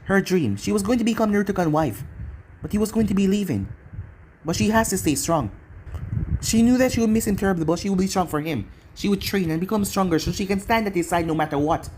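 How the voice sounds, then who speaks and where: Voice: medium pitch, quick pace, a little mellow, slight background noise, low-quality recording. A reader narrating a fan story aloud, voicing every character in the same voice and running lines and tags together.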